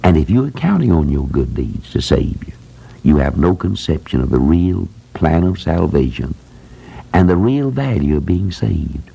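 A deep, gravelly older man preaches a sermon in plain, folksy words. He drives home his point by repeating phrases, his voice dark and a little husky. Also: sing-song, normal speed, lo-fi sound. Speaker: preacher who runs a Christian school.

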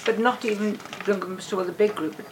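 A radio guest talks quickly and briskly, mostly agreeing with short answers. A clear layer of noise runs behind the voice, with some clicks. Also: mid-range voice. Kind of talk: casual radio interview.

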